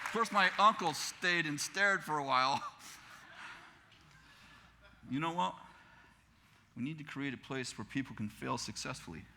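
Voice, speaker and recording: A man in his fifties with an American accent, a pastor telling a story in a sermon, animated and laughing as he acts out the other people in it. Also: fairly high pitch, unhurried, creaky, pauses often, a crowd in the background, noisy background. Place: church sanctuary.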